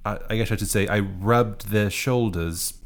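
A man's voice: on the low side, normal speed, crowd noise. A man playing a tabletop role-playing game, joking around and speaking in character. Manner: joking, animated. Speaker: player.

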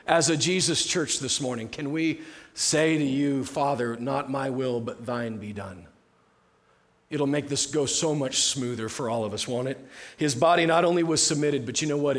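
A man preaching a sermon as pastor in a conversational way, often dropping to a soft, hushed tone. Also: on the high side, normal speed. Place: church sanctuary.

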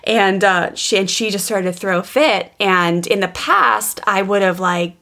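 A woman podcast co-host telling a personal parenting story in an earnest, animated way, with many restarts and fillers. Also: medium pitch, a little slow. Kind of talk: personal storytelling in casual chat.

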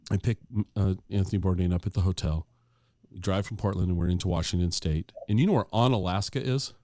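Here a middle-aged man tells a lengthy story in a relaxed, chatty way, speaking fast in a low voice and performing each line of quoted dialogue. Fillers and restarts run through it. The sound is clean studio audio with no room sound.

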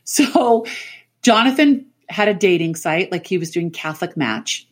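Animated middle-aged woman telling stories. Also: lowish voice, measured pace. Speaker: podcast guest. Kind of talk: casual storytelling chat. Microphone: remote call mic.

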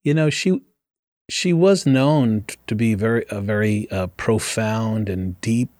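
A man hosting an interview, asking searching questions with halting, restarting phrasing. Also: lowish voice, a little mellow, no room sound, studio quality. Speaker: podcast host.

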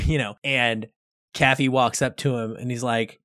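A man co-hosting a casual film podcast, talking in an animated way and acting out quoted lines. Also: mid-range voice, a little slow, no room sound, studio quality. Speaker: podcast co-host.

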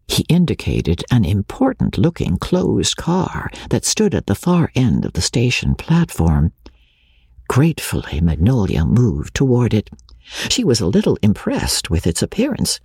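Brief: husky woman narrator, low and lively, for a literary audiobook. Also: dry recording, studio quality. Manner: expressive, measured literary reading. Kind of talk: scripted narration.

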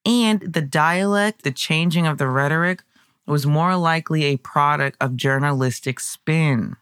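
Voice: mid-range voice, unhurried, smooth, no echo. Chatty history podcast host, dry sound. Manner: conversational, with excited personal asides.

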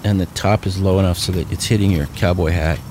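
A man's voice: deep voice, fairly even intonation, fairly quick. A man in an interview, telling stories about traveling by wagon in a folksy, easygoing way that repeats phrases. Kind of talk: casual storytelling interview. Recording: noisy background.

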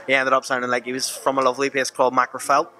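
A man's voice: medium pitch, completely flat delivery, very fast, bright, forceful tone. A man interviewing a guest in an upbeat, joking way. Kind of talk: casual sports interview.

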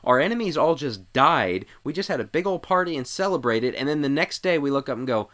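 A man co-hosting a Christian podcast, talking in an animated way and acting out the voices he quotes. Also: on the high side, a little fast. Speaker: podcast co-host. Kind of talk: casual Christian podcast discussion.

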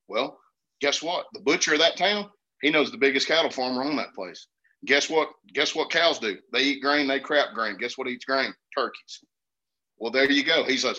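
A man from Georgia with a Southern accent, telling hunting stories in an earnest, animated way in casual conversation. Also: mid-range voice, moderate pace. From Georgia, USA. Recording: dull lo-fi sound.

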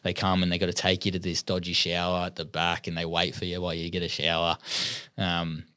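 A man's voice: low voice, monotone, a little fast, bright, forceful tone, clear, resonant tone, dry recording, studio quality. A young adult Australian man with an Australian accent, a podcast guest telling his story in a laid-back way, swearing freely and laughing often. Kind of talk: casual storytelling interview.

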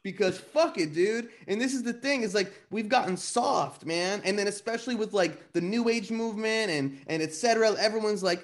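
High-voiced man, passionate and profane. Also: moderate pace, few pauses. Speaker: podcast guest. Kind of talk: casual podcast conversation.

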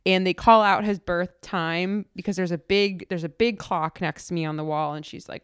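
Speaking at a moderate pace with few pauses, a young woman who hosts a podcast tells an emotional personal story, restarting sentences and stumbling over fillers. Her smooth voice sits a bit low with fairly even intonation, captured dry and close without any room sound.

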